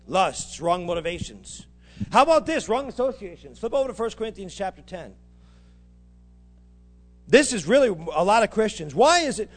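Pastor, man, high-pitched, fiery call-and-response preaching style. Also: very animated, moderate pace. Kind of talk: sermon.

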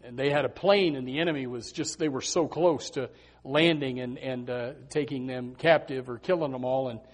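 A man preaching a sermon, telling stories with animated emphasis and a lot of repetition. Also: medium pitch, moderate pace.

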